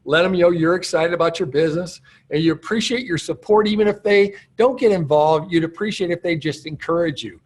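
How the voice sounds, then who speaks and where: A man's voice: a little high, a little fast, hardly any pauses. Upbeat man coaching new recruits. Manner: encouraging, chatty, self-deprecating. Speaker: business trainer. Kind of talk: motivational training talk.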